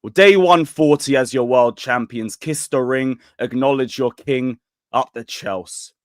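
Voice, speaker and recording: A man's voice: medium pitch, a little slow, dry recording, studio quality. A man on a football podcast giving taunting, boastful fan banter. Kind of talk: casual chat.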